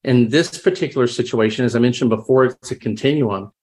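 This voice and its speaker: A man's voice: mid-range voice, a little fast, a little mellow. A man sharing experiences in a reflective, conversational way, often restarting sentences and acting out quoted dialogue. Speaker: podcast guest, crisis responder. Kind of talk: conversational storytelling.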